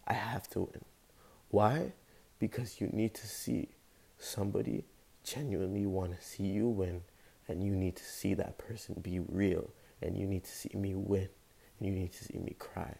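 Young man, motivational monologue, gravelly, mellow dark tone, impassioned and rambling. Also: lowish voice. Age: young adult. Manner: impassioned, rambling, casual slang. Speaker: podcast host.

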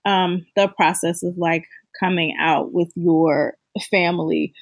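A woman co-hosting a conversation, telling a family story in a lively way and acting out the lines of the people in it. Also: lowish voice, vocal fry, dry recording. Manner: slow, animated storyteller who acts out quotes. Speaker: co-host, mother. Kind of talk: casual storytelling.

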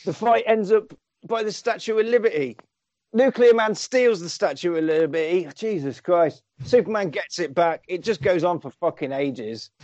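A man's voice: high voice, darkish tone, no room sound. A man recapping a film in a casual, exasperated, sarcastic way.

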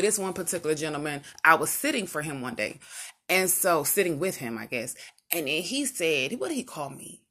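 A woman vlogger telling personal stories in a casual, rambling way, losing her track, restarting, and acting out what other people said. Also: sits low. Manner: animated, acts out what others said. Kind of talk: casual personal storytelling to camera.

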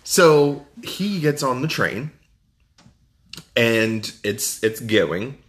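A man's voice: mid-range voice, lively intonation, extremely slow, a bit bright. A man co-hosting a podcast, retelling a movie in casual chat with blunt, sarcastic asides. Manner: blunt, sarcastic name-calling. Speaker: podcast co-host.

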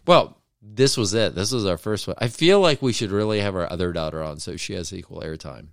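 A middle-aged man with a smooth, resonant, fairly low voice rambles and teases his co-host in a loose podcast chat. He swears freely and keeps a playful, joking tone. The sound is dry and close, with no room around it. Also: expressive, brisk, no echo. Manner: joking, teasing, profane. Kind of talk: casual chat.

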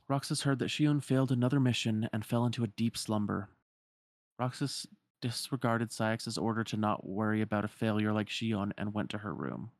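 A man's voice: mid-range voice, a little mellow, no room sound, studio quality. A man narrating a video game story in plain, casual storytelling with a few fillers.

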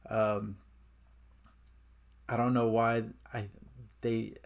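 A man's voice: fairly low pitch, flat delivery, very slow, creaky. A man talks through a comic book review in a loose, conversational way. He recaps the plot and keeps adding his own opinions as he goes.

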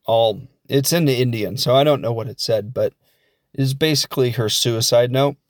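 A man's voice: mid-range voice, normal speed, no echo, studio quality. A man casually recapping a film he watched, rambling and jokey with lots of asides. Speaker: film reviewer.

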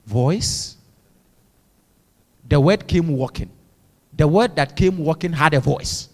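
A male pastor preaches a fervent sermon in a church, urging the congregation to repeat his words back in call-and-response. His voice is a little high and darkish in tone, with lively intonation and a slow delivery. The sound carries the feel of a big room.

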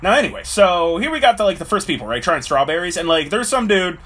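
A man's voice: high-pitched, big pitch swings, fast talker, fairly bright tone, breathy edge. A man talking casually to camera in a rambling way, full of fillers, acting out little voices as he goes. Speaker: vlogger.

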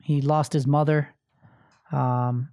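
Speaking slowly in a warm, clear, resonant mid-range voice with a flat delivery, a man records himself on camera for his own podcast and coaching program. It's a casual pep-talk monologue, emphatic and sprinkled with profanity, with lines repeated to drive the point home.

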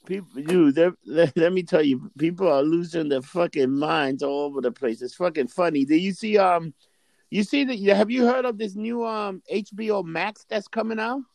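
A man's voice: high-pitched, moderate pace, darkish tone, dry recording. A man in casual chat, rambling and swearing with lots of fillers. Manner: laid-back, profane, rambling with fillers.

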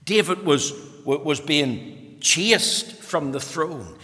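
A man preaching a sermon, reading scripture slowly and building to impassioned emphasis. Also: lively intonation, pushed and bright. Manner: rises to impassioned, high-pitched emphasis; slow, deliberate scripture reading in old-fashioned wording. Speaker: pastor. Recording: long hall reverb.

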